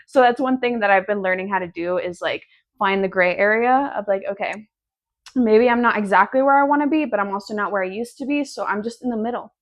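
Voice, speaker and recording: Young woman, twenties, casual solo podcast, sassy, cusses a lot, rambling chat. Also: medium pitch. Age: 20s. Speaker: podcast host. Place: at home in her apartment.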